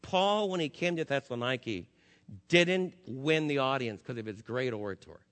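Pastor preaching in a reverberant hall. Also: male voice, medium pitch, lively intonation, moderate pace. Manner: impassioned, swinging from loud to hushed. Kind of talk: sermon.

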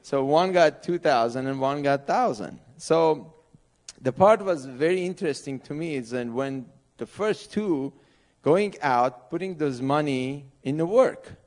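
In a church sanctuary, a middle-aged Iranian man serving as a missionary pastor delivers a sermon in earnest, broken English. He has an Iranian accent, and his voice runs on the high side with a darkish tone.

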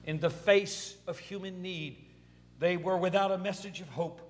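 High-voiced preaching man, ringing hall. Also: steady tone, moderate pace. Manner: preaching with swelling intensity. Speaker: pastor. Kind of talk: sermon.

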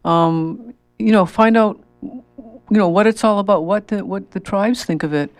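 Call-in host, gravelly and dry, halting delivery full of restarts. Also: medium pitch, dry recording. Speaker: radio talk show host. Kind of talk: call-in radio hosting.

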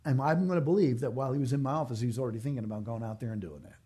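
A man's voice: mid-range voice, very fast, warm tone, breathy edge. A man delivering a sermon as a pastor, earnest and emphatic, repeating his key phrases.

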